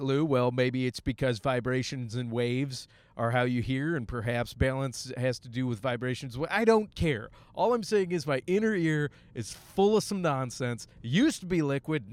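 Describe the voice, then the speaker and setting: A man's voice: normal speed, dry recording, clean studio sound. A young man from Michigan, a stand-up comic hosting his own podcast, rambling crude jokes in casual talk while riding a bus. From Michigan, USA. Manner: crude, jokey, animated with sudden high-pitched bits.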